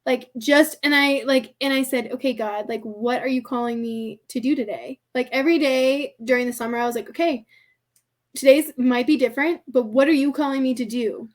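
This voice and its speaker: On a podcast, a woman guest with a high, light voice tells a story in casual conversation, chatty and animated at a fairly quick clip. She laughs a lot, keeps dropping "like" and "I'm like," and puts on little voices for the people she quotes.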